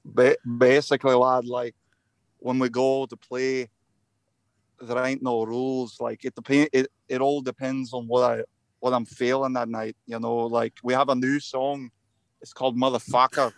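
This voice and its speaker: A man's voice: mid-range voice, level tone, normal speed, no room sound, lightly acted. A man voicing a brash, swearing Scottish rocker lad in a poor put-on Scottish accent that wavers, as a joke on a podcast. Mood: boastful. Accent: put-on Scottish, admittedly poor. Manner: profane, boastful, wavering accent.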